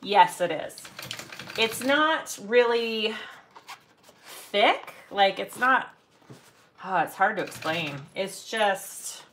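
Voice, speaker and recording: A woman's voice: medium pitch, lively intonation, drawn-out words, pauses often, a bit bright, a little hiss or hum. A middle-aged woman leading a live sewing tutorial. She explains steps as she works, chats casually and hums filler sounds while she sews. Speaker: sewing instructor and shop owner.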